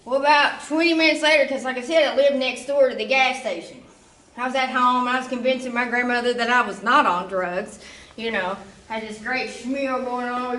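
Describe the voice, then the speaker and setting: A woman's voice: on the high side, fairly bright tone, roomy sound, recorded from a distance, low-quality recording. A young woman giving a casual personal testimony, full of asides to the listeners. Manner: casual storytelling with frequent asides. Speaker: speaker giving a recovery testimony.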